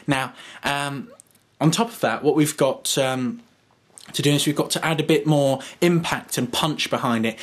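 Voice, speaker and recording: A man's voice: medium pitch, moderate pace. A man casually explaining a how-to, hesitant and full of ums, modest about his own skill. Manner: hesitant, lots of ums, self-deprecating. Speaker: video tutorial maker.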